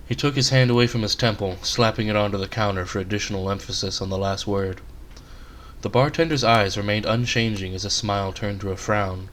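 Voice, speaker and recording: A man reading aloud his own short story, in a relaxed, conversational storytelling manner. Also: on the low side, fairly quick, slight background noise.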